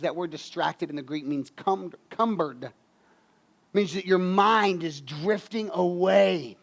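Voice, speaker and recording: A man preaching a lively, folksy sermon as pastor, swinging from loud bursts to quiet, low emphasis. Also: a little slow.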